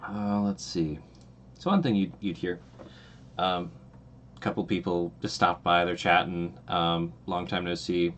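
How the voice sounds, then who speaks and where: A man running a tabletop game as game master, narrating scenes in a relaxed, meandering way with many fillers. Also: low-pitched, unhurried.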